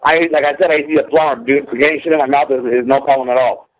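A man's voice: fairly high pitch, steady tone, quick pace, rough recording. A brash, crude man on a call who swears constantly and turns belligerent. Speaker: caller. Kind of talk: prank call.

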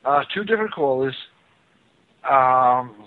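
A man's voice: medium pitch, animated, a little slow. A man hosting a call-in talk radio show, blunt and mocking as he lectures the callers. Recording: narrow phone-like radio sound.

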